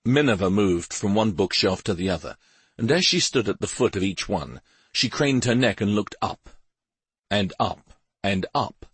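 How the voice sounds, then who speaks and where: A man reads a fantasy novel aloud in an expressive, measured way. His voice sits low and a little husky, and his pitch moves a lot. The recording is dry and close. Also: dry recording. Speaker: audiobook narrator. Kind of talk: scripted fantasy narration.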